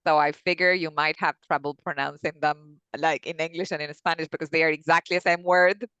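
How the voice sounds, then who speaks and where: Webinar host on a video call, smooth voice, dry close sound, asks questions. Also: medium pitch, little pitch movement, brisk, bright, forceful tone, dry recording, lo-fi sound. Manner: asks questions, brief agreeing replies. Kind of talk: casual webinar chat.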